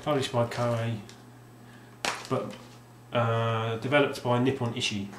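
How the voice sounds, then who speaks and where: A man's voice: medium pitch, little pitch movement, slow pace, very noisy. A man casually showing off his game collection, rambling and hesitant with lots of ums and restarts. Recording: roomy sound with faint ambience.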